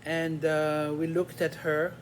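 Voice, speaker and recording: Older guy telling a story real slow, pausy, faint hum in the background. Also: fairly high pitch, level tone. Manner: unhurried, reflective, with frequent pauses and fillers. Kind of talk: personal storytelling.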